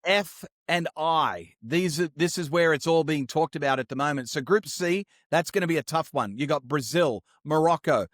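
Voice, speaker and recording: A man's voice: a little high, brisk, few pauses, no echo, clean studio sound. A man co-hosting a sports podcast, chatting upbeat and slangy about the week's games. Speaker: podcast co-host. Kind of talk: casual sports chat.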